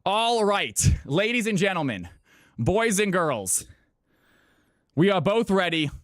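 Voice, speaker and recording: A man hosting a live stream of viewer games, hyping up his chat with excitable shouting and cheering. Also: sits high, slow pace, no room sound, clean studio sound. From California. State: out of breath. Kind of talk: live-stream hype commentary.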